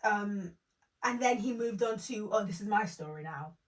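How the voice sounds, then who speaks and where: Female podcast co-host, animated casual chatter, slightly distant mic. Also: medium pitch, moderate pace. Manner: animated, quotes people in put-on voices. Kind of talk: casual reality TV review chat.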